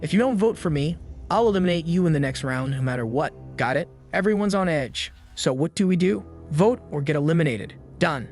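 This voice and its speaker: A man's voice: fairly high pitch, lively intonation, a little fast, darkish tone, faint music behind. A man voicing a violent young male gang leader who makes blunt threats in a manhwa recap. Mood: menacing.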